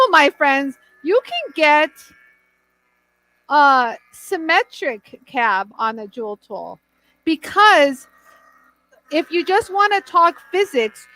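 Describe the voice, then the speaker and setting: A woman's voice: sits high, sing-song, takes it slowly, pushed and bright, low-quality recording. A woman hosting a chatty live demonstration, bubbly and laughing often, greeting viewers by name. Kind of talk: chatty live product demo.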